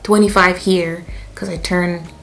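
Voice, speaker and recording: A woman's voice: fairly low pitch, fairly even intonation, measured pace, faint music behind. A young woman in her twenties from Canada with a Canadian accent, chatting casually as she tells a storytime in her vlog. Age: 20s. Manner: chatty, lots of fillers and laughs. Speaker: vlogger.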